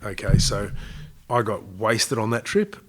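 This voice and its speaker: Low-voiced Australian man telling stories. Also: unhurried, a bit bright. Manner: chatty, laughs through his stories. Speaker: guest, army veteran. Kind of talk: casual storytelling interview.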